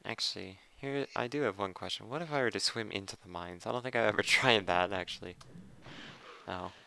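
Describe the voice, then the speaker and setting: A man's voice: fairly low pitch, fairly quick, gravelly, bright, forceful tone, a little hiss or hum. A man giving casual, rambling commentary while playing a video game, thinking aloud and poking fun at himself. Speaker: let's play commentator.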